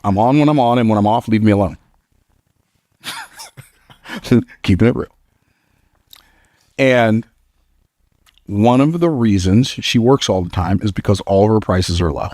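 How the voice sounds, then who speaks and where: The man addressing a live audience speaks on the low side at normal speed, his tone a little mellow. It's studio quality with no room sound, and he tells stories emphatically and conversationally, laughing at what he says.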